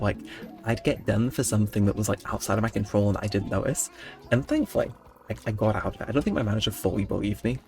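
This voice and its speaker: A man's voice: medium pitch, a little mellow. A young man telling stories in late-night gameplay commentary, rambling with mock-indignant outbursts. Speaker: gaming channel host.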